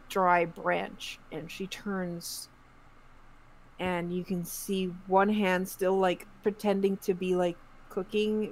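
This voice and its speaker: A woman game master narrating a tabletop game in a relaxed, descriptive, chatty way. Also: lowish voice, creaky, a little hiss or hum, poor audio.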